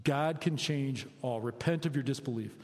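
A middle-aged man preaching a conversational sermon, energetic and quizzing his listeners with questions. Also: mid-range voice, normal speed. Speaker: preacher, high school basketball coach. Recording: long hall reverb.

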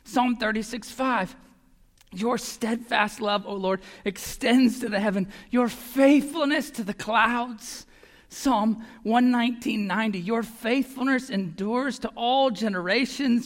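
A man preaching a sermon as pastor, earnest and emphatic, sometimes dropping to a hush. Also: very high-pitched, a little slow. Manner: earnest, emphatic, drops to a hush on key lines. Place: church sanctuary. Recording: long hall reverb.

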